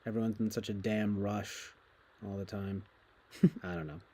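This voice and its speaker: A man's voice: fairly low pitch, level tone, unhurried, gravelly, mellow. A young man streaming, chatting casually in a rambling, profane way and laughing often.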